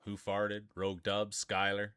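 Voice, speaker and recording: Low-voiced man hyping live marble races. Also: completely flat delivery, unhurried, pushed and bright, clean tone, dry recording, clean studio sound. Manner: chatty, rambling, bursts into laughter; hype-building, calls out viewers by name. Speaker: streamer and race commentator.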